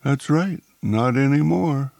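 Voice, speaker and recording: A man's voice: mid-range voice, takes it slowly, gravelly, a little mellow, no room sound, voice pushed up. A man doing a blunt raised-voice henchman. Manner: blunt, offhand. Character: rough male henchman, blunt and defensive.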